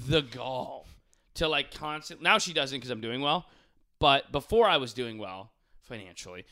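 A young man hosts a loose podcast chat in a bright, crisp voice that sits at an ordinary pitch. He talks animatedly, peppering everything with "dude" and swearing freely. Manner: animated, swears a lot, says "dude" constantly.

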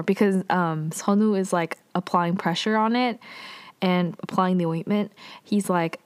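A woman talks through a drama episode in a loose, chatty way, packing her sentences with fillers and throwing in exasperated little asides. Her voice sits at an ordinary middle pitch. The sound is dry and close, with no room around it. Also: unhurried, smooth, dry recording. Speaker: drama recapper. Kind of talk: casual episode recap.

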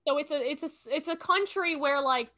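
A woman playing a guessing game, chatting casually and thinking out loud, often correcting herself mid-sentence. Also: high voice, a little fast. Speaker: game streamer. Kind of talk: casual gameplay chat.

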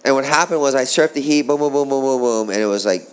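A middle-aged man, a former pro surfer, telling stories in a casual interview, animated and profane, rambling along. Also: mid-range voice, fast talker, smooth.

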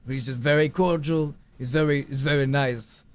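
A man voicing a respectful male mob boss who pleads calmly and repeats himself. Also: mid-range voice, moderate pace, a little hiss or hum, lightly acted. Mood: pleading. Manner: repetitive, earnest pleading.

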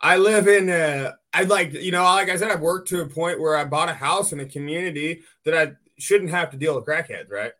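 A man hosting a podcast, telling a blunt, lively story in casual chat and swearing freely. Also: fairly high pitch, brisk, few pauses. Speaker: podcast host.

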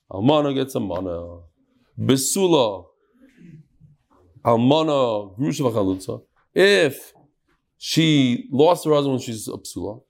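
A man's voice: mid-range voice, creaky, a little mellow. A man teaching a Talmud class, reading the text in a sing-song lilt and questioning his students.

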